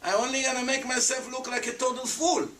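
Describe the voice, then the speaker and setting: A man with a high, bright, ringing voice explains religious teaching to his stream, firing off rhetorical questions and pressing his points hard. His English has non-native phrasing. He sits back from the mic in an echoey room with a faint hum of noise behind him. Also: flat delivery, brisk, far from the mic. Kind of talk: animated religious explanation to a chat.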